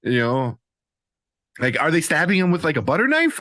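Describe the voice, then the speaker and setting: A man co-hosting a movie talk show, swinging his pitch widely as he riffs and laughs. He often slips into playful mock voices for characters. His voice sounds dry and close to the mic. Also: big pitch swings, a little fast, pushed and bright, no echo. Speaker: podcast co-host. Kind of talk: casual movie review chat.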